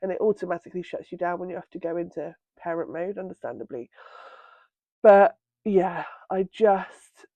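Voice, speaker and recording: A woman sharing a personal healing story at home, talking in a tender, halting way with many pauses, tearful with red, itchy eyes. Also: on the low side, no echo, phone-quality sound. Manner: tender, halting, pausing often with ums. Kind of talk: reflective personal monologue. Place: indoors at home by a window.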